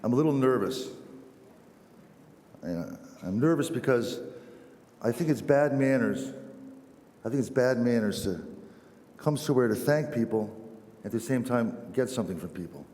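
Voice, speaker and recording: A man who is a missionary priest, telling a self-deprecating story to a parish with many halting restarts. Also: medium pitch, expressive, darkish tone. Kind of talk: storytelling church talk. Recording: echoey church hall.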